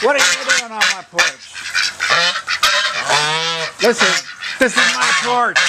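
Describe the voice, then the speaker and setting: Playful high-voiced man among honking geese. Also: takes it slowly, gravelly, pauses often, heavy background noise. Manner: teasing, mimics quacking with whacks. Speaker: urban farmer showing his birds. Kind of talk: playful talk to farm birds. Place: porch outdoors. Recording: loud honking geese nearby.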